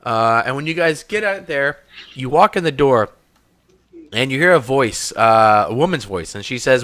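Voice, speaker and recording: A man's voice: medium pitch, animated, normal speed, a bit bright, no echo. A man narrating a tabletop game as game master, describing scenes with many ums and uhs.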